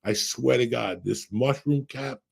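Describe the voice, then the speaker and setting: Older guy, super gravelly raspy voice, cussing his way through long podcast stories. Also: medium pitch, unhurried. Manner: profane, rambling storyteller with bursts of laughter. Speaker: podcast co-host. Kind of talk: casual storytelling chat.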